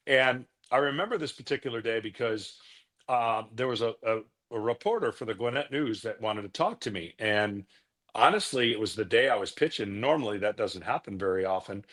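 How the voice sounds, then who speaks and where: A middle-aged man, a former pitcher, telling stories from his career in a casual interview, now and then acting out the voices of the people in them. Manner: relaxed, anecdotal, acts out quoted voices.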